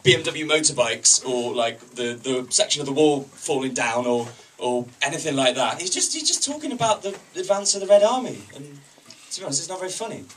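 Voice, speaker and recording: A man's voice: a little high, animated, a little fast, hardly any pauses, distant mic, noisy background. A man doing open-mic stand-up in a comedy club, chatty with the crowd and wryly self-deprecating.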